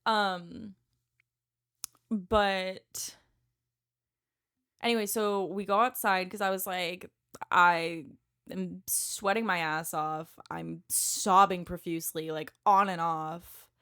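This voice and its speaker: Bright-voiced young woman telling a story. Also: lowish voice, slow, long pauses, smooth. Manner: animated, swears a lot, laughs often, acts out quotes. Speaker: podcast guest. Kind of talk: casual chat, storytelling.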